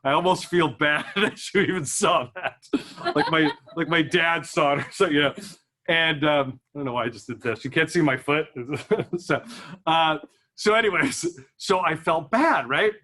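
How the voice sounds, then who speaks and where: A man's voice: a little high, moderate pace, sharp tone. A young man doing stand-up, telling stories, acting out voices and laughing at his own jokes. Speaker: stand-up comedian. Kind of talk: stand-up comedy storytelling.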